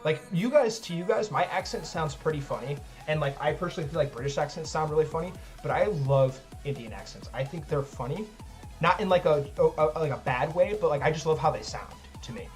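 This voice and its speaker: A man with a fairly high pitch talks fairly quickly while hosting a live chess tournament stream, with soft music in the background. He chats casually and rambles, using "like" a lot and joking at his own expense.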